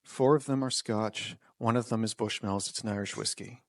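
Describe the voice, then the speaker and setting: A man's voice: fairly low pitch, steady tone, normal speed, no room sound. A man telling a personal story on stage, wry and self-deprecating, with nervous restarts. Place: small performance venue.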